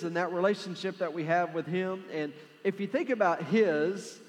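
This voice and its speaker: A man's voice: high voice, normal speed. A man with a West Texan accent, preaching a sermon as pastor with prayer and announcements, in an earnest, conversational way with plenty of fillers. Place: large church sanctuary. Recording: long hall reverb with faint music.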